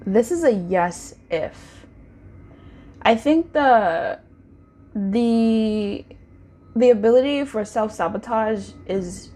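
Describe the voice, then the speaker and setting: A woman giving a casual pick-a-card tarot reading, chatty and intimate, with sing-song crooning calls and slow, stretched-out emphasis. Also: a little high, mellow, a little hiss or hum.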